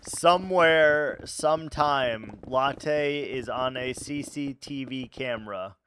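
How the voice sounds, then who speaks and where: A man's voice: medium pitch, takes it slowly, fairly bright tone, slight background noise. A man streaming live and chatting casually with his viewers, laughing often and stammering through his reactions.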